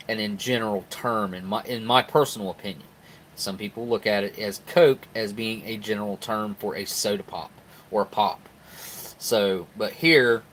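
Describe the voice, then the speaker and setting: A middle-aged man with a southern Ohio Appalachian accent and a fairly low voice chats loosely on a home live stream. He rambles in a folksy way, chuckling as he reads viewer comments aloud. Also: fairly bright tone, a little hiss or hum, poor audio. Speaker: live-stream host reviewing military rations. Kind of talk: casual live-stream chat.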